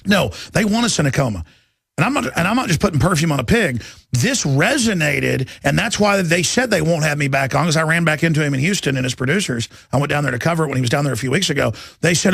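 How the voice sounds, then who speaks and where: A man's voice: on the high side, lively intonation, a little fast, gravelly, a bit bright, breathy edge, no room sound, studio quality. A man hosting a talk show, ranting emphatically and repeating words as he builds his point. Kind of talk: heated talk radio chat.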